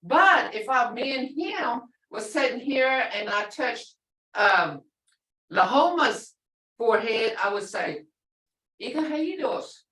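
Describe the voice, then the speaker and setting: This language instructor has a fairly high, pushed, bright voice with lively intonation, and she speaks slowly. Her teaching is relaxed and conversational, built on stories and repeated words, captured in an echoey room far from the microphone.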